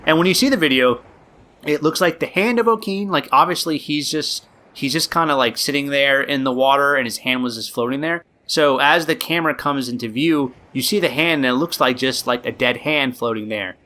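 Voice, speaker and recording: A male podcast host tells a story in a loose, rambling way, full of likes and ums. His voice is bright and forceful, at a middle pitch. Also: a little fast. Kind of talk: casual storytelling.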